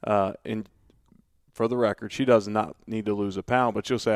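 A man who coaches, hosting a casual podcast interview and asking questions in a relaxed way. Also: fairly low pitch, normal speed, no room sound, clean studio sound. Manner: relaxed, conversational, many fillers. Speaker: host, coach.

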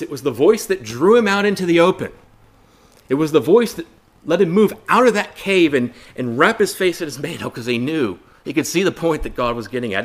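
Male Bible study preacher, earnest and rhetorical, with a lively voice that rises and sinks a lot. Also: a little high. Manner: earnest, rhetorical questions, repeats phrases for emphasis; addresses listeners as brothers and sisters.

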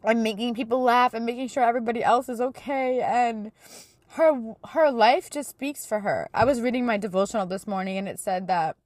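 A woman's voice: on the high side, a little fast, a little mellow, no room sound. Earnest woman in her thirties, dry sound. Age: 30s. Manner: earnest, chatty storytelling with lots of fillers. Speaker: podcast host. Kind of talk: casual faith talk.

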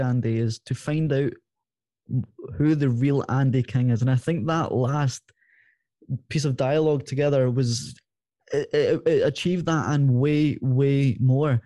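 A man hosting a podcast, asking his guest questions in a measured way and often repeating words. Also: medium pitch, dark tone, no echo. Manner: measured, repeats words while searching for them. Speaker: podcast host. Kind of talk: interview questions.

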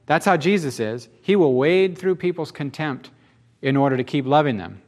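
A man's voice: on the high side, expressive, normal speed, a little mellow. A man preaching a sermon in a folksy, conversational way, often asking the congregation rhetorical questions. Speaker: pastor.

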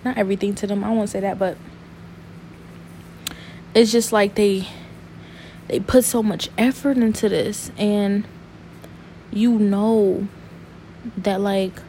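A young woman talking to camera in an earnest, saddened personal monologue, halting and restarting as she searches for words. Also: medium pitch, steady tone, dark tone, a little hiss or hum. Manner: rambling, halting, full of restarts and fillers.

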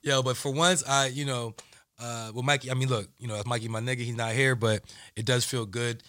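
Young man, podcast host, bright tense voice, dry close sound, jokey slang banter. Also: medium pitch, flat delivery, fairly quick, no room sound. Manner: laughing, joking, loose slang-heavy talk.

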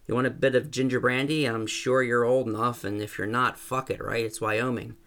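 A man voicing a blunt, joking older rancher who talks in a gruff, plainspoken way. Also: mid-range voice, fairly even intonation, moderate pace, a bit bright, close to an everyday voice. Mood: folksy.

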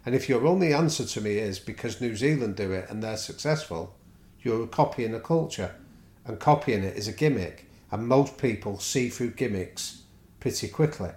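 A man's voice: lowish voice, normal speed. A man, a podcast guest who tells stories and acts out the people he quotes. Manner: animated storyteller, acts out quoted exchanges. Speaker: guest speaker on culture and leadership. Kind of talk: podcast conversation. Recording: roomy echo.

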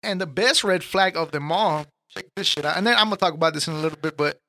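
A man hosting a casual podcast chat, telling animated, profane stories and acting out the people in them. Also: fairly high pitch, quick pace. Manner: animated storyteller, profane, acts out quoted people. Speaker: podcast host.

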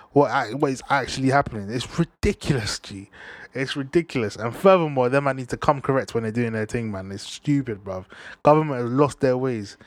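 A man's voice: mid-range voice, dry recording. A young man ranting to camera, heated, slangy and full of swearing and restarts. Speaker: vlogger.

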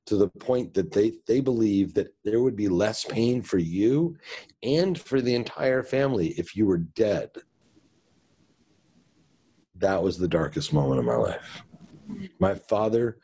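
Very deep, husky-voiced man. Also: lively intonation, slow pace, dark tone. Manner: frank, plainspoken, self-correcting mid-sentence. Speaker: guest. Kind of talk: candid personal storytelling.

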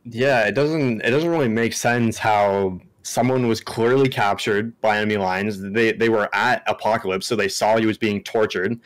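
A young man guesting on a casual gaming podcast, speaking relaxed with a slight lisp. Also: fairly low pitch, normal speed, few pauses, no room sound.

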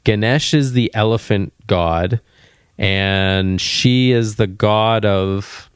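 Brief: young male podcast host, lowish voice, dry close sound, rambling storyteller. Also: takes it slowly, clean tone, no room sound. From Canada. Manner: rambling, animated anecdote-telling with frequent restarts. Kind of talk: casual travel storytelling.

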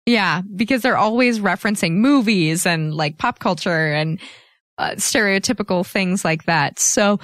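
A woman's voice: mid-range voice, moderate pace, dry recording, clean studio sound. A woman in her twenties co-hosting a podcast, chatting casually and laughing often. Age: 20s. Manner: chatty, giggly, animated. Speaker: podcast co-host. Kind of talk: casual chat.

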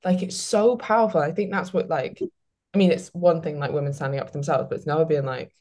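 Low-pitched woman podcast host; relaxed, rambling, filler-heavy chat. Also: fast. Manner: chatty, lots of "like" fillers. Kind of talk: casual chat, reading listener questions.

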